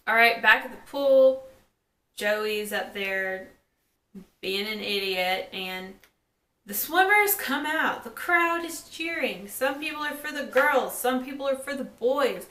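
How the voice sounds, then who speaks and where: A woman giving a casual recap of a TV episode, chatting and quoting characters in quick asides. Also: mid-range voice, pushed and bright. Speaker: TV episode reviewer. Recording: echoey room.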